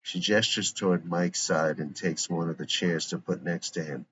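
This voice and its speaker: A man's voice: sits low, normal speed, a bit bright. A man narrating a script aloud, reading stage directions and scene headings plainly. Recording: muffled lo-fi with faint hiss.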